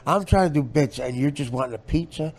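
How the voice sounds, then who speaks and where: A man's voice: on the high side, brisk, a little mellow. A man hosting a comedy podcast, roasting his guest with sarcastic, profane banter into a studio mic. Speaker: podcast host.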